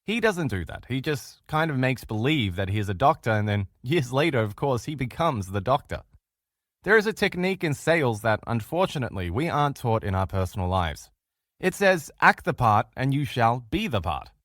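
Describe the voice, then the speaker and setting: A man's voice: medium pitch, very animated, brisk, a bit bright, dry recording, studio quality. A man teaching a recorded relationship lesson, talking straight to listeners and acting out the quoted voices of others. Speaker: relationship course instructor.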